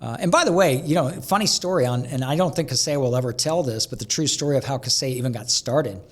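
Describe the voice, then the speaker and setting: A man being interviewed as a guest, telling energetic stories and often restarting mid-sentence. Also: medium pitch, fast talker. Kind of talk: conversational interview storytelling.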